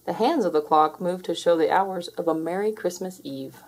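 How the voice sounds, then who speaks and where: A woman reading a children's picture book aloud in a slow, clear storytelling manner. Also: on the low side, a little mellow. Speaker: storybook reader. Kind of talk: children's read-aloud narration.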